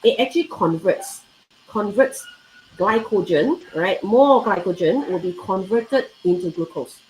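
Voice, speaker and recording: A woman's voice: mid-range voice, animated, measured pace, a little mellow, a little hiss or hum, rough recording. A woman teaching a live exam-prep biology lesson, often checking in with "right?" and "okay", repeating key words, and chatting with viewers. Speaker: biology tutor.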